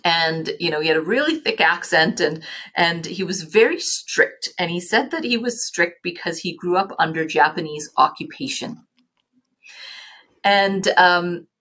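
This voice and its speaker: A woman's voice: fairly low pitch, expressive, measured pace, bright, forceful tone. A middle-aged woman from Canada, a guest on an interview podcast, recalling stories reflectively with frequent restarts and fillers. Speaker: guest, nonprofit leader. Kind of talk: reflective storytelling.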